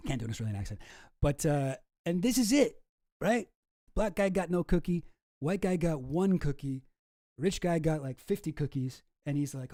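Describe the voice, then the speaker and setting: A man's voice: a little high, expressive, normal speed, warm tone. A man from Canada, hosting a casual reaction commentary and ranting profanely with frequent restarts. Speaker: commentary host.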